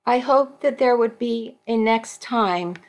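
A woman volunteer reading a romance novel aloud for a radio program, in a slow, measured way. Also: fairly high pitch. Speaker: volunteer reader.

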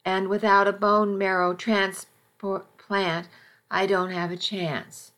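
Woman narrator doing a scared, sick mother in a storybook, soft and subdued, unhurried. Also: medium pitch, flat delivery. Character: frightened, ill middle-aged mother asking a favor.

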